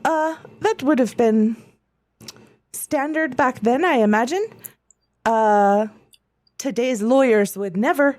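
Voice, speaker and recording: A woman's voice: on the high side, slow pace, long pauses, darkish tone. Woman doing an evasive, gracious lady. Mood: vague, polite.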